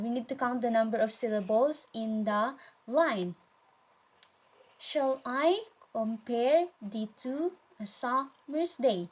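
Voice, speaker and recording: A woman speaks with a Filipino English accent, teaching a recorded lesson. She takes her time, goes through each step and repeats it, and often stops to quiz her listeners. Her voice sits a little high. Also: poor audio. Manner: patient, repeats steps and quizzes the listener.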